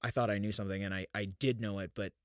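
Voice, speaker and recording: His voice on the low side and clean in tone, a podcast host in his thirties talks quickly with fairly even intonation. He reflects earnestly on inner life in a searching, spiritual way, often beginning his sentences again, in a dry studio-quality recording.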